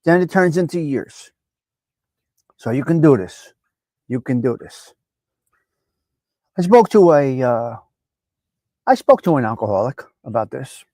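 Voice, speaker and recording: A man's voice: medium pitch, a little slow, long pauses, no room sound. A middle-aged man hosting a live stream, chatting casually and preaching to viewers as he reads their comments. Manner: animated, preachy, talks straight to viewers.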